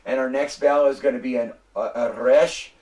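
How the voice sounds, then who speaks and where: A man's voice: mid-range voice, steady tone, a little fast, a little mellow, distant mic. A man lecturing a classroom as a Hebrew instructor, patient and repetitive, often prompting the students to answer.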